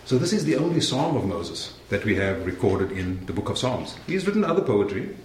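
A man's voice: lowish voice, very animated, a little fast. A young man with a South African accent preaching a sermon as a guest preacher, friendly and joking with the congregation. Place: church sanctuary. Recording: roomy church sound, faint noise.

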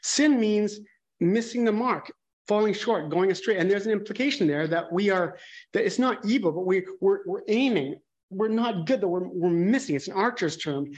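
A man's voice: sits high, normal speed, darkish tone. A man preaching a conversational sermon, candid and musing, thinking aloud and often restarting his sentences.

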